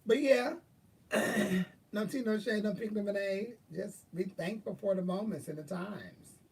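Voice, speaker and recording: A man's voice: sits high, a little slow, creaky, darkish tone, breathy edge, far from the mic. A man hosting a live stream, chatting casually with viewers in a sassy, profane way. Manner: sassy, profane, drawling asides. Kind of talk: casual chat, answering viewers.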